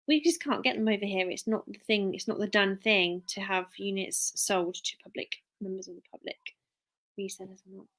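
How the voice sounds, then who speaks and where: A woman's voice: medium pitch, steady tone, moderate pace, fairly bright tone. A woman chatting casually on a live stream, rambling and restarting sentences as she reads out viewer names. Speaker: live streamer, work-from-home mum.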